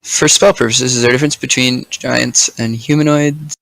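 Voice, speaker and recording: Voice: mid-range voice, fairly even intonation, moderate pace, fairly bright tone, no room sound, poor audio. Dry-sounding tabletop player asking rules. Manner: chatty, rules-focused. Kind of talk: casual tabletop game play.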